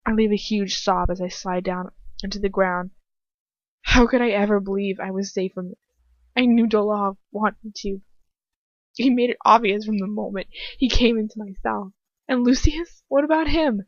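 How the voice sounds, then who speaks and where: A woman's voice: mid-range voice, steady tone, moderate pace, no echo. A young woman reading first-person fan fiction aloud at home, breaking off now and then to comment on the text. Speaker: fanfiction reader. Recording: dry, dull home recording.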